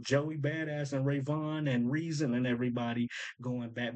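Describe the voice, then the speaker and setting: A man's voice: mid-range voice, moderate pace, darkish tone, rough recording. Man eagerly breaking down rap lyrics. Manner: eager, explanatory, keeps pointing things out. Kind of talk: casual commentary.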